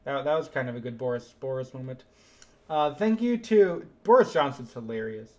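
A young man streaming live gameplay and chatting with viewers, excitable and suddenly louder when something happens. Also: mid-range voice, normal speed.

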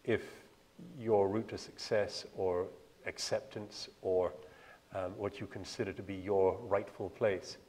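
A man with a plummy British accent speaks on a panel discussion. He picks his words slowly and with hesitation, in a low, self-deprecating voice. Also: level tone, darkish tone. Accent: British, Cambridge-educated. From Ireland.

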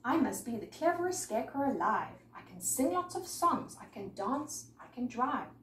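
A woman's voice: a little high, sing-song, normal speed, a bit bright. A woman reading the part of a swaggering, boastful male scarecrow in a storybook, in an echoey room away from the mic. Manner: swaggering, bragging. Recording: echoey room, mic far off, faint noise.

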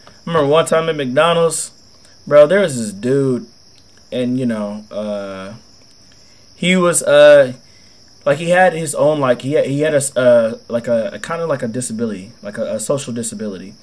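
A man's voice: medium pitch, expressive, moderate pace. A young man with a cold, telling a rambling, slangy, swear-filled story in casual gameplay commentary. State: has a cold. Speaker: gaming video host.

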